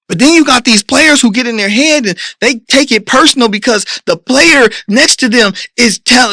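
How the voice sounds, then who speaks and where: An emphatic man with delivers a preachy, coach-style motivational monologue for his podcast. His voice sits high and sounds bright and sharp. The recording is dry and close, with no room sound. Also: no room sound. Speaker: podcast host.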